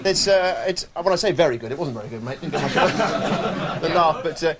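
A man trades rapid-fire puns on a chat show, his slightly high voice bouncing up and down as he chuckles at his own lines. Laughter from a studio audience rolls in behind him. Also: lively intonation, over a noisy crowd. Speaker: comedian guest. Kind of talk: joke-filled chat show banter.

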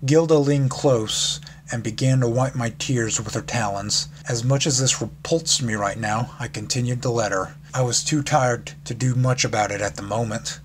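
A man reads a fan fiction story aloud in a casual, unpolished way, tripping over words now and then. His voice sits at an ordinary male pitch. A steady hiss of background noise sits under the recording. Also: moderate pace, hardly any pauses. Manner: casual reading with slips and laughs.

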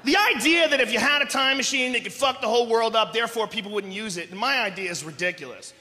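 A man doing live stand-up comedy, ranting loudly and animatedly with lots of profanity. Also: extremely high pitch, lively intonation, fast talker. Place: large theater stage. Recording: echoey hall with audience noise.

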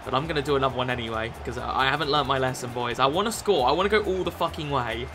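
A young man giving football video game commentary, swearing often and shouting at the game. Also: mid-range voice, rapid-fire, music in the background. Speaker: gaming YouTuber.

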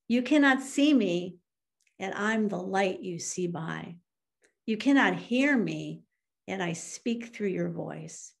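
Slow gravelly woman minister. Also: medium pitch, animated. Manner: slow, earnest, with emotional swells. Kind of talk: sermon storytelling and poem reading.

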